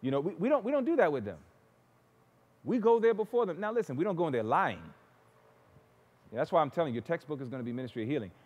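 A man's voice: fairly high pitch, very animated, quick pace, long pauses, lo-fi sound. A man preaching a sermon, telling stories with animation and acting out the people he quotes. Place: church sanctuary. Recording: long church reverb.

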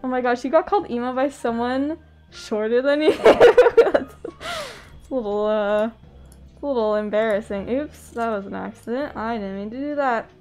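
A giggly young woman from the US West Coast talks to her live-stream chat, laughing often in a casual way. Her voice is a little high, animated and darkish, at normal speed, and faint music sits in the background.

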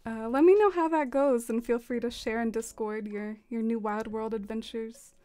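A young woman live streaming a game, chatting casually with her viewers in a soft, rambling way full of fillers and trailing thoughts. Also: a little high, steady tone, moderate pace, dry recording. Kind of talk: casual stream chat while playing a game.

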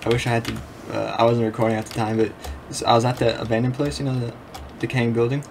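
A young man giving casual commentary over his own gameplay, excitable, laughing often and swearing freely. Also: mid-range voice, fast, creaky, noisy background. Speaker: gameplay video creator.

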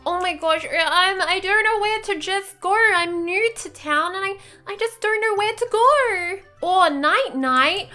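A woman with a very high voice narrates her gameplay in character. Her tone is bright and sharp, and she keeps gasping and sounding frightened as she plays along. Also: slow pace, few pauses. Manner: excitable, gasping, scared-sounding play. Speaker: gaming YouTuber. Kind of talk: role-playing while playing a game.

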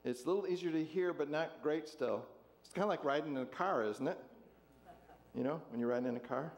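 A man's voice: fairly high pitch, brisk. A man pastor leading an interactive sermon with volunteers, jovial and chuckling as he asks the congregation questions.

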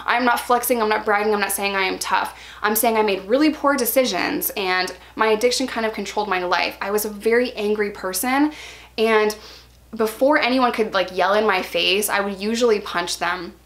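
Speaking at a moderate pace with medium pitch, a woman vlogger in her thirties shares a personal story. Her chatty, casual telling is full of "like," and she animatedly voices other people's lines louder.

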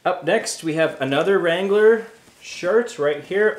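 Chatty man from South Africa, roomy echo. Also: high voice. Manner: upbeat, chatty, quick to laugh. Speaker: reseller vlogger, co-host. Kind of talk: casual chat.

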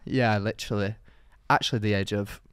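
A man's voice: fairly low pitch, fairly even intonation, brisk, clear, resonant tone, no room sound, clean studio sound. A young man co-hosting a podcast, telling rambling anecdotes in casual chat. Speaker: podcast co-host.

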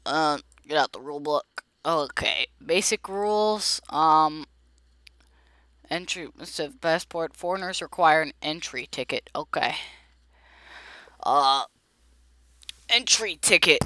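A woman gameplay video creator speaks in a low, somewhat bright voice at a measured pace, with no room sound. She chats casually and jitterily, pleading out loud with the characters and addressing her viewers directly.

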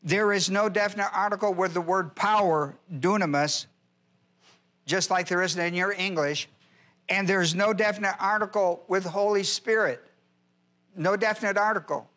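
Emphatic high-voiced male Bible teacher. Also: normal speed, a bit bright. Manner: emphatic, repeats key phrases, quizzes the class. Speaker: pastor.

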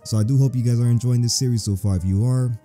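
A man's voice: mid-range voice, fast, dark tone, faint music behind. A man giving casual, profane gameplay commentary as he plays, joking and reacting aloud as he reads the game's text. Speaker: let's play host.

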